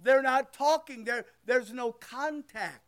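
An older man preaching a sermon as pastor, loud and emphatic, swinging between near-shouts and quiet asides. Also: very high-pitched, slow. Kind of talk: sermon with prayer.

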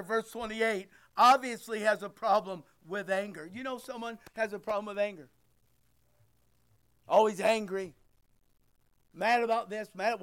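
High-voiced older male preacher, slow and loud. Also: smooth. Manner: loud, emphatic, swings between shouting and quiet. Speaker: pastor. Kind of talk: sermon with prayer.

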